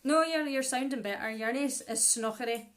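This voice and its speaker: A Scottish woman with a slightly high voice, talking casually as co-host of a live stream. She chats easily and laughs often, mixing Scots words into her speech. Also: moderate pace. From Scotland. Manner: chatty, easy laughs, drops into Scots words. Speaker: co-host, musician.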